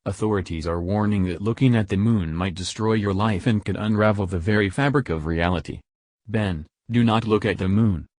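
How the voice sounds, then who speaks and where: A man's voice: lowish voice, moderate pace, a little mellow, no room sound, studio quality, close to an everyday voice. A man reading the lines of a grave male TV news anchor in a formal broadcast manner.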